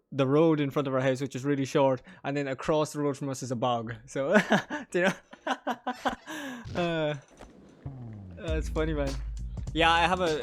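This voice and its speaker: A rambling, chatty man with a rural Monaghan Irish accent, talking as he plays through a stream. His voice sits a little on the high side, and he swears freely between bursts of laughter. Faint game music runs underneath. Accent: Irish, County Monaghan. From Ireland. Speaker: gaming streamer. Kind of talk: casual chat while playing a game.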